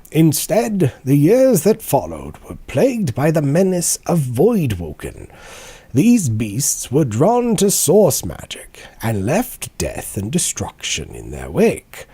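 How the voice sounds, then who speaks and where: A man's voice: mid-range voice, warm tone, slightly rough, full character voice. A man doing a grave nature-documentary narrator voice. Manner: slow, dramatic storybook delivery. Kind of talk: reading game lore aloud.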